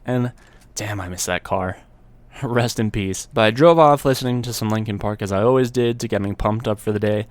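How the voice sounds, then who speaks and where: A man's voice: mid-range voice, clear, resonant tone, no echo. A young adult man telling a story from his own life in a casual, laid-back way, with slang and the odd swear word.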